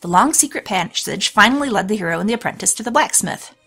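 A woman's voice: mid-range voice, lively intonation, fast talker, bright, forceful tone, husky, soft background music. A woman hosting a let's play, reading a storybook game aloud with chatty, laughing asides. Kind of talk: let's play narration and commentary.

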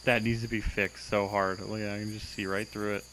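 A man's voice: fairly low pitch, level tone, fairly quick, fairly bright tone, rough recording. Man, young adult, gameplay commentary, exasperated, sarcastic, swearing, faint background noise.

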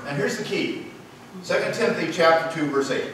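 High, bright-voiced preaching man. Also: expressive, fairly quick, slight background noise. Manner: emphatic preaching, repeating key phrases. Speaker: pastor. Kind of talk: sermon. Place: church sanctuary. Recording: echoey church heard from far off.

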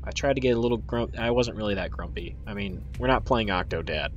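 A man's voice: on the low side, fast, dull audio, soft background music. A man hosting a video game playthrough, talking casually in a goofy, rambling way with mock-grand announcements. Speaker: let's play host. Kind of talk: casual gameplay commentary.

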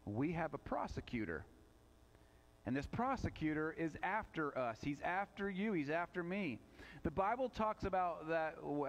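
A pastor preaching a sermon in a church, earnest, asking rhetorical questions and reading scripture aloud. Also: male voice, on the high side.

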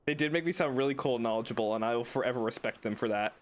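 A young man streaming a game, chatting excitedly and joking with his chat. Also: mid-range voice, very fast. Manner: excitable, jokey, talks to chat. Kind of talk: casual gameplay commentary.

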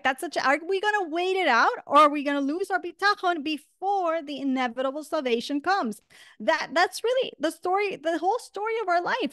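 A woman teacher giving an online class, animated and enthusiastic, often checking in with "right?". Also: high-pitched, no echo, studio quality. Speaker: Torah teacher.

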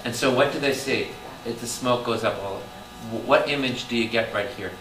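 A man, a Catholic priest, teaching a lively Bible study, firing questions at his listeners and breaking into loud exclamations. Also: mid-range voice, moderate pace. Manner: animated, quizzes the audience with constant questions, bursts into loud exclamations. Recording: echoey room, distant mic, audible background noise.

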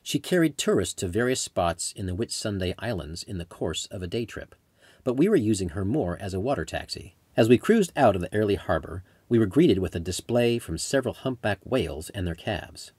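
A man reading his own travel memoir aloud in measured, descriptive storytelling. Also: on the low side, big pitch swings, darkish tone, slightly rough, no room sound. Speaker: author narrating his memoir. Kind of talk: scripted audiobook narration.

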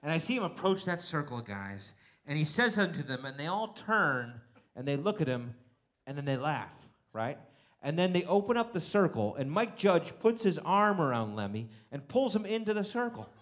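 A man doing stand-up who acts out every reaction as he goes. His voice sits a little high and swoops up and down with lively energy. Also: normal speed. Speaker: stand-up comedian. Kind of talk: stand-up storytelling. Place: stage before a live audience.

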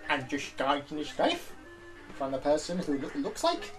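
A man chatting about games in a loose, rambling way, his voice a touch high, often restarting his sentences. Soft game music plays behind him. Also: wildly swooping pitch, normal speed. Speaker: let's play co-host. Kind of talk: casual gaming chat.

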